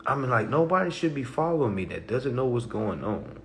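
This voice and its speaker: A man hosting a casual livestream, talking emphatically and tagging his points with all right and okay, shifting from low-key talk to loud animated bursts. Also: fairly quick, a little hiss or hum. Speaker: livestream host.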